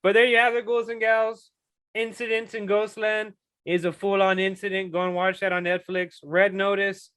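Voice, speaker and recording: A man's voice: high-pitched, flat delivery, moderate pace, fairly bright tone, clear, resonant tone, no echo. A man co-hosting a casual podcast, joking and ranting about movies with casual swearing. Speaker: podcast co-host. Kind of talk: casual chat.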